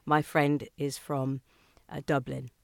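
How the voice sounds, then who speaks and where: A podcast host interviewing a guest, speaking in a halting way with repeated words and many fillers. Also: medium pitch, little pitch movement, gravelly, no room sound. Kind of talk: interview questions and chat.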